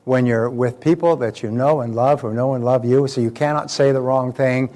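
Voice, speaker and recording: A man's voice: medium pitch, fairly even intonation, moderate pace, dark tone. An older man giving a motivational talk in a conversational way, telling stories and repeating words as he goes. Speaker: motivational speaker.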